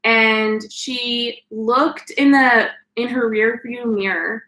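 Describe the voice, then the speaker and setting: A woman with a bright, clear voice, pitched a little high, speaking at a slow, unhurried pace. She chats casually and adds short remarks. The sound is roomy and echoey. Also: steady tone. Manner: slow, chiming in with short replies. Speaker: co-host of a live stream. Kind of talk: casual chat.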